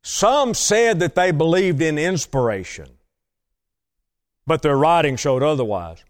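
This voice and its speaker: A man's voice: on the high side, animated, unhurried. A man preaching a teaching sermon to a congregation, emphatic and repeating his key phrases.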